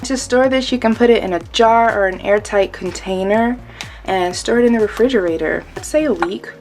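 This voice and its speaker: Woman, baking channel host, casual kitchen tutorial, chatty step-by-step explainer, mid-pitched, soft music bed. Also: moderate pace. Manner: chatty, explains each step as she cooks. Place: home kitchen.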